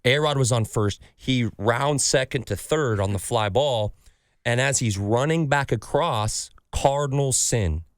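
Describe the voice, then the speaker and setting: A man's voice: medium pitch, unhurried, no echo, clean studio sound. A man hosting a podcast, chatting casually about sports cards and telling stories with acted-out quotes and plenty of swearing. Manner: animated storyteller, swears freely, acts out quotes. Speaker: podcast host. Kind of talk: casual sports card chat.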